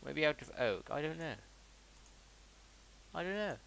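A man's voice: fairly high pitch, expressive, a little slow, vocal fry. Chatty male streamer. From south of England. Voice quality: chatty, rambling, reads and answers chat. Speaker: game streamer. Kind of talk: casual live-stream commentary while gaming. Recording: loud background noise with mouse clicks.

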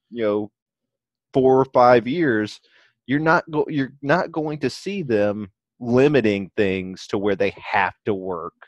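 A man co-hosting a casual podcast, talking in a middle pitch. He rambles, circles back and restarts sentences as he works out his point. His voice is close and dry, with no room sound. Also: no echo. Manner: rambling, restarts and trails off mid-thought. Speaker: podcast co-host.

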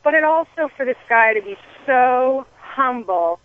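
A woman guest telling an animated story on a podcast, full of restarts and acted-out quotes. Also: high voice, measured pace, narrow, tinny audio. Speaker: guest runner.

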